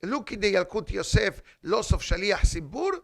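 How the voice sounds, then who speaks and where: A man's voice: high-pitched, big pitch swings, normal speed, creaky. A man giving a class as a rabbi in a synagogue, teaching in an emphatic way, quoting Hebrew and asking rhetorical questions. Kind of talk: halakha class.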